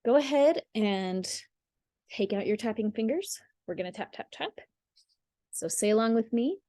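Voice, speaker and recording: Mellow-voiced woman coaching, dry sound. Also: on the high side, lively intonation, normal speed, no echo. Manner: rambling, restarts and apologizes for digressions. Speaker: spiritual healing coach. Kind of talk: casual talk and guided visualization.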